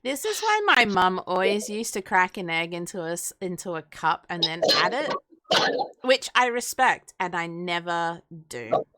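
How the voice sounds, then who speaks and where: A woman's voice: on the low side, very animated, a little slow, bright, forceful tone. A woman from Australia chatting casually and laughing often as co-host of a cooking stream. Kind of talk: casual chat.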